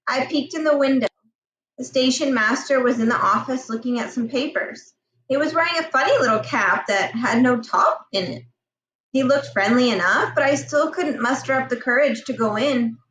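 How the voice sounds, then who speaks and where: A woman reading a novel aloud chapter by chapter, with gentle, steady storytelling. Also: on the high side, slight background noise. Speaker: reader. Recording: roomy echo, distant mic.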